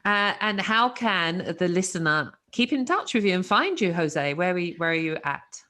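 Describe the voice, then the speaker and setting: A woman's voice: on the low side, sing-song, normal speed, pushed and bright. A British woman hosting an interview, laughing often as she talks. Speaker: interview host. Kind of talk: interview conversation.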